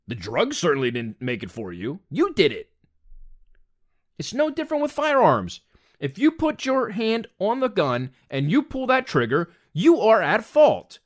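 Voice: mid-range voice, wildly swooping pitch, normal speed. Blunt, exasperated ranting commentator. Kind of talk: opinion rant monologue.

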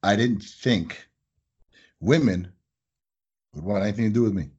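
Husky, animated man telling stories. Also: lowish voice, unhurried, highs cut off. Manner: animated, acts out voices in anecdotes. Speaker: business owner, guest. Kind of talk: casual interview storytelling.

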